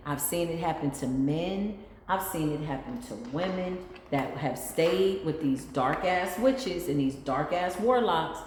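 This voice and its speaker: A woman's voice: mid-range voice, a little mellow. A woman giving a casual spiritual reading, talking in an emphatic, rambling, slangy and blunt way. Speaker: intuitive spiritual reader. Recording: echoey room with long reverb and faint noise.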